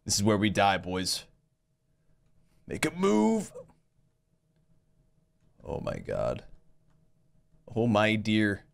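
Excitable man commentating a shooter game. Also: lowish voice, slow pace, vocal fry, pauses often, clear, resonant tone. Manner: excitable, exclaiming and swearing at the action. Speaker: gaming video host. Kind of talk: live gameplay commentary.

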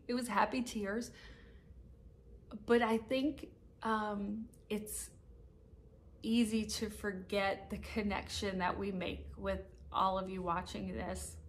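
A middle-aged woman casino vlogger talking casually and emotionally to her viewers, laughing through tears and restarting her sentences. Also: medium pitch. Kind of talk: casual heartfelt vlog talk to viewers. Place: hotel room upstairs at a casino.

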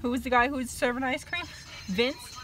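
A woman's voice: high-pitched, a little fast, fairly bright tone. Chatty, swearing young woman vlogger. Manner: chatty, rambling, swears a lot and laughs often. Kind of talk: casual chat. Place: bathroom, in a towel.

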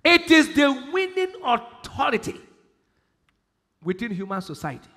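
Shouting Nigerian pastor in a big hall. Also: male voice, very high-pitched, very animated, measured pace. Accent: Nigerian English. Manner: preaching with sudden shouted emphasis and Bible quotes. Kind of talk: sermon. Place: large church hall. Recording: live church hall with long reverb.

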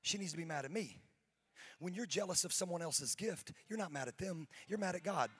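A man preaching a sermon as pastor to his congregation, moving from quiet talk to loud, building preaching. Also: high voice, lively intonation, a little fast, noisy background. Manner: talks with members of the audience on stage. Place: church stage before a congregation.

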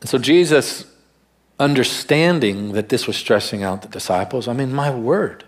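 A male pastor preaches a church sermon in a storytelling way. His voice sits at an ordinary mid pitch, and he slows right down to lean on the words that matter. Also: animated. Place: church service.

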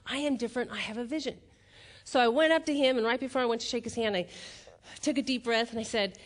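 A middle-aged woman with a slightly high voice talks fast while giving a motivational keynote on stage before a live audience. She tells stories animatedly, acts out the quotes and laughs at her own jokes.

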